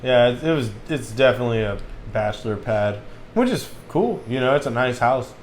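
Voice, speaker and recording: A man's voice: medium pitch, animated, brisk, slight background noise. A man co-hosting a casual chat, talking in a laid-back, rambling way full of fillers. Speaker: podcast co-host.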